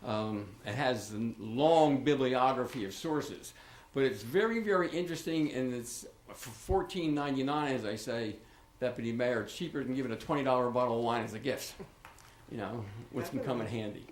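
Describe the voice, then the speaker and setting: A man's voice: medium pitch, normal speed, slight background noise. An older man, a local author, speaking informally at a township meeting in a rambling, chatty way with many restarts and asides. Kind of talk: informal public remarks at a meeting. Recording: echoey meeting room.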